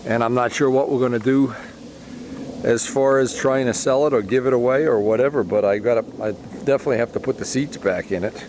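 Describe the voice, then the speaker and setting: A man's voice: medium pitch, fairly quick, background noise. A man vlogging in a casual, rambling way, sentimental and often trailing off mid-sentence. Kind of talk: casual reminiscing to camera.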